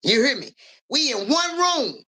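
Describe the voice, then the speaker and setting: A woman's voice: high-pitched, big pitch swings, unhurried, sharp tone. A woman livestreaming as a psychic reader, talking in profane street slang, calling viewers by name and asking "you hear me" over and over, with a cough now and then. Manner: coughs and clears throat. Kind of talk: casual livestream talk.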